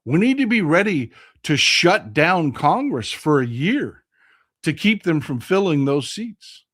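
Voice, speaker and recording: A man with a Texan drawl delivers political commentary in a vlog, his somewhat high voice rising and falling with lively swings. He talks bluntly and passionately, swears freely, and hammers his points home by repeating phrases. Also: a little slow. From Texas. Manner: impassioned, blunt and profane, repeats phrases for emphasis. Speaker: host.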